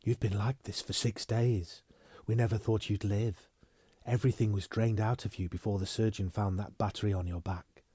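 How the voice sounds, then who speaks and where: A cool, guarded young heiress speaks in a soft hush, read by a man. The voice sits low and is recorded dry and close. It belongs to an audiobook reading. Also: fairly even intonation, moderate pace, breathy edge, dry recording. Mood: gentle.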